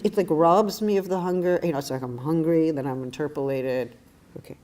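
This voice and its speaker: Low-voiced woman lecturing with wry anecdotes. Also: mellow, slight background noise. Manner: thoughtful, wry, self-deprecating storyteller; frequent restarts and hesitations. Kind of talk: academic lecture with personal anecdote.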